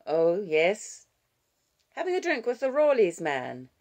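Woman voicing a brisk, defensive grandmother. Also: medium pitch, wildly swooping pitch, a little mellow, pitched above the performer's own voice, exaggerated voice. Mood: chatty. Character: self-absorbed reluctant grandmother, brisk and defensive.

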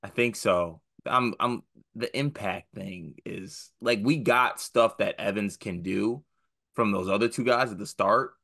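A man with a low voice and a bright, forceful edge chats about basketball in a relaxed way. He drops joking self-digs between his picks. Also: unhurried, gravelly. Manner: laid-back, joking self-mockery. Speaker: podcast co-host. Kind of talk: casual sports talk.

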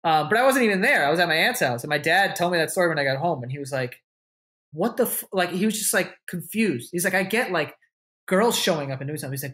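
A man's voice: on the high side, lively intonation, fast talker, a bit bright. Swearing young New man. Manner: swears freely, acts out quoted voices. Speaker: podcast guest. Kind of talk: casual interview storytelling.

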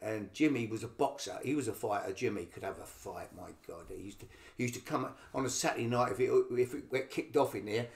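A man's voice: fairly low pitch, expressive, fast talker, few pauses, roomy sound. An older man with a Cockney accent, a podcast guest telling rambling stories and acting out what people said. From England. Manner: rambling anecdotes with acted quotes. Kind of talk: casual storytelling.

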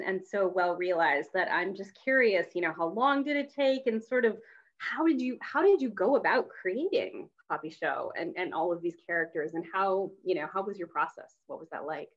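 A woman's voice: lowish voice, fairly bright tone, lo-fi sound. A woman interviewer talking casually and enthusiastically, with lots of fillers and restarts, over a video call. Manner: rambling, many fillers, enthusiastic. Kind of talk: casual conversation.

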